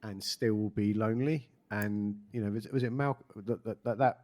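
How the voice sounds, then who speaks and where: A man hosting a relaxed interview with a somewhat low voice. He rambles, restarts his sentences and keeps things conversational. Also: normal speed. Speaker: podcast host. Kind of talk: casual interview chat.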